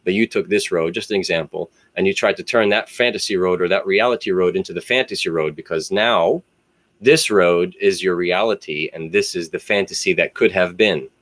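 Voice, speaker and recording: A man's voice: sits low, brisk, fairly bright tone, no echo. A man, rambling and philosophizing in a profane solo monologue. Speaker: solo video host.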